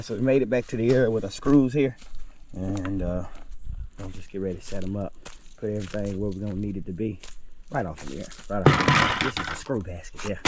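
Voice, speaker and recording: Man, low voice, fast talker, folksy homestead vlog, outdoors, faint chickens and birds behind. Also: darkish tone, slight background noise. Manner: folksy, repeats his phrases, talks straight to viewers. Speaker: homestead vlogger. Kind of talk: casual talk to camera while working. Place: outdoors in a yard.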